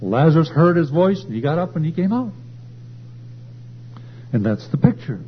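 A man's voice: very animated, normal speed. Emphatic preacher man, lo-fi hum. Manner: emphatic, swells louder and higher on key points. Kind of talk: sermon. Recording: dull lo-fi recording with faint hum.

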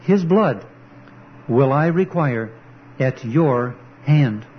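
A man's voice: medium pitch, animated, very slow, a little hiss or hum. A man preaching an earnest, emphatic sermon, quoting scripture as he goes. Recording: dull lo-fi recording.

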